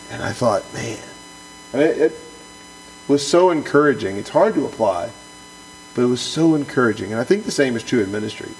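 Gravelly-voiced earnest pastor. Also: male voice, mid-range voice, animated, brisk, long pauses, slight background noise, rough recording. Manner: earnest and emphatic, with frequent restarts and repeated words. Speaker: pastor and podcast co-host. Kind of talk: book discussion podcast, reading aloud then commenting.

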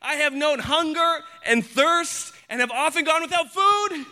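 A man's voice: extremely high pitch, a little slow, bright, forceful tone, voice pushed up, exaggerated voice. A man reading aloud in the voice of an ancient male apostle, declaiming his trials in dramatic recitation. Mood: fervent.

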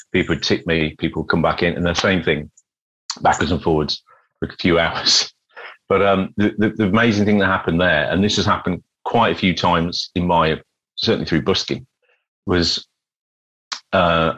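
Male guest, deep and raspy, energetic anecdotal storyteller. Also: low-quality recording. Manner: lively anecdotal, frequent restarts. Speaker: guest, street musician. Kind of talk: casual interview storytelling.

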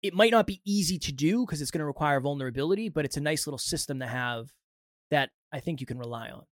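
A man's voice: on the high side, expressive, fast, no echo, studio quality. A man co-hosting a podcast, reflecting on past mistakes and summing up advice in casual talk. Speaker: podcast co-host.

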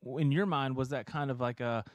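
A man's voice: medium pitch, a little fast, no room sound. A man hosting a casual interview, asking friendly, hesitant questions with plenty of fillers. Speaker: podcast host.

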